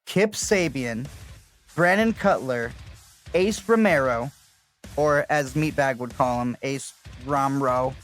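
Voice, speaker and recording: A man's voice: a little high, takes it slowly, long pauses, soft background music. A man co-hosting a casual podcast, running through a list in a loose, joking way. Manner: reads out lists, loose and joking. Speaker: podcast co-host. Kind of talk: casual chat, running through a wrestling card.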